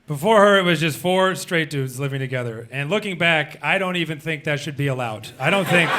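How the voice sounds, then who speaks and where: A man doing stand-up comedy on a club stage in an animated, punchy delivery. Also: fairly high pitch. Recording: live club recording, audience noise.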